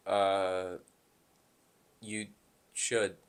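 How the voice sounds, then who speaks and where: A man's voice: sits low, level tone, drawn-out words, smooth. A young man co-hosting a podcast in casual chat, telling stories on tangents with lots of swearing. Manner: rambling, tangent-prone storytelling with profanity. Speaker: podcast co-host.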